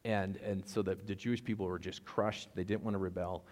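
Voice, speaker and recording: A man's voice: sits low, steady tone, brisk, darkish tone, in a large hall. A man preaching a conversational sermon, telling the story with casual asides and jokes. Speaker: pastor.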